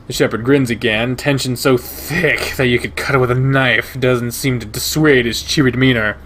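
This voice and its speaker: A man reading a visual novel aloud in first person, steady and measured. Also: medium pitch. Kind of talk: first-person narration of a game.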